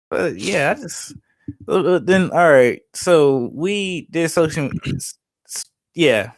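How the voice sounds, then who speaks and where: Young guy cohosting a podcast, kinda high voice, rambly and swears a lot, dry close mic. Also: slow, pauses often, dry recording. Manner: animated, swearing, laughing, lots of "like". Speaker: podcast co-host. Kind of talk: casual podcast chat.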